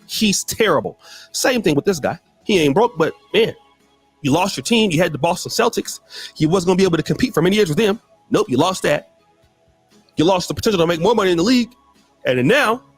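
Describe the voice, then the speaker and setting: A man's voice: high-pitched, lively intonation, brisk, breathy edge, soft background music. A man giving emphatic commentary, repeating phrases for effect. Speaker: guest commentator. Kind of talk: animated commentary.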